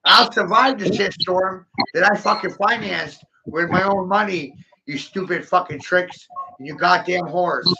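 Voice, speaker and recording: A man delivering an aggressive, mocking, profane solo rant with a gravelly voice. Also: high-pitched, a little slow. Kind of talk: solo taunting rant to camera. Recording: muffled lo-fi audio with steady background noise.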